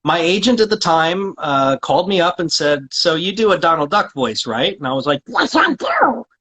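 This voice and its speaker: A talkative man chatting in a casual interview as a guest voice actor. His voice sits a little high and has a husky edge. He often circles back and restarts sentences with plenty of fillers. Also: lively intonation, normal speed, a bit bright, poor audio.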